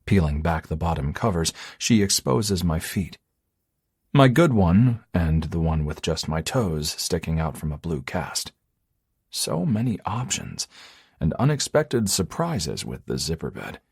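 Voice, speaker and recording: Husky, lively male audiobook narrator. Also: deep voice, a little slow, no echo, studio quality. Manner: expressive, intimate storytelling. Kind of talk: scripted first-person audiobook narration.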